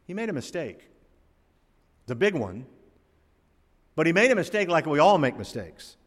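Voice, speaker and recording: A man in his sixties, from North Carolina, preaching a sermon with stories, swinging between emphatic rises and quiet drops. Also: fairly high pitch, big pitch swings, normal speed. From North Carolina, USA. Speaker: pastor. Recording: long hall reverb.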